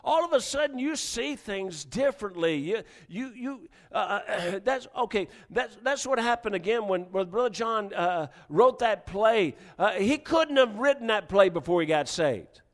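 A middle-aged male preacher with a high-pitched, expressive voice delivers a sermon a little slowly, with hardly any pauses. He often restarts words and swings between quiet storytelling and loud exhortation.

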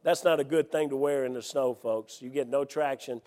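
A man preaching a sermon, telling a story with lively energy and reading scripture more calmly. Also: medium pitch, moderate pace. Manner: animated, loud storytelling with laughs, then calmer scripture reading. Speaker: Baptist preacher. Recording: hall reverb.

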